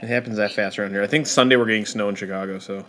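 Guy cohosting a podcast, talks super fast, rambles and swears a lot. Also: on the low side, fairly even intonation, a bit bright, a little hiss or hum. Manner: rambling, swears freely, tells stories. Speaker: podcast co-host. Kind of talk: casual podcast chat. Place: Chicago area.

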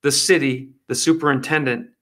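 A man's voice: medium pitch, fairly even intonation, fairly quick, pushed and bright. A man hosting an online commentary show, reacting to news clips in a sarcastic, emphatic way and talking straight to his viewers.

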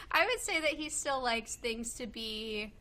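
A woman's voice: a little high, big pitch swings, slow pace, bright, forceful tone. A woman in her twenties from Kentucky, chatting casually at home as a guest, with lots of fillers and laughs. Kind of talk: casual chat. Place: home with a loud pet bird.

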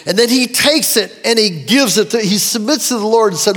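A man preaching a sermon in an animated way, with dramatic swings in his voice as he quotes scripture. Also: sits high, fairly quick, hardly any pauses, big-room sound. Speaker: pastor.

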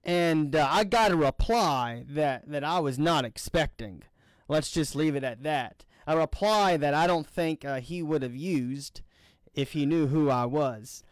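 Male minister host from Louisiana, smooth voice a bit high, dry room. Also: unhurried, no echo. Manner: friendly joking with restarts. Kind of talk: casual talk leading a church session.

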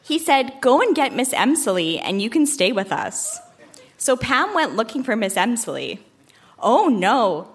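A woman's voice: a little high, a bit bright, slightly rough. A woman reading her own childhood story aloud on a theater stage, mock-earnest and laughing as she goes.

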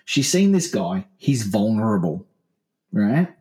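A man co-hosting a comedic podcast, bantering and slipping into quick silly character voices. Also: lowish voice, very animated, darkish tone, roomy sound. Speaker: podcast co-host. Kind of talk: comedic casual chat.

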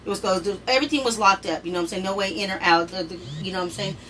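A middle-aged woman rattles through a personal story at a quick clip, animated and profane. She sounds a little distant from the mic, with faint room noise behind her. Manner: animated, jumps high in pitch when quoting people, swears freely. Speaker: storyteller recounting a personal experience. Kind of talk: casual storytelling.

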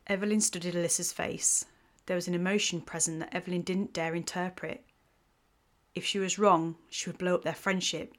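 A woman reading a romance story aloud in an even, measured way. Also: fairly low pitch. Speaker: host and story narrator. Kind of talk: scripted story narration.

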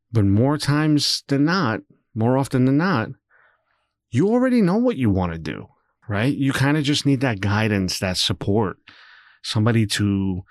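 A young man hosting a solo podcast, talking candidly and rambling, swearing freely as he swings between low muttering and animated bursts. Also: dry recording, clean studio sound. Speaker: podcast host.

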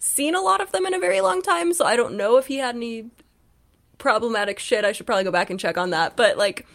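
A young woman co-hosting a podcast in casual chat, animated and laughing as she acts out quotes from a book. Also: fairly high pitch, quick pace, creaky. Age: young adult. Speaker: podcast co-host recapping a book.

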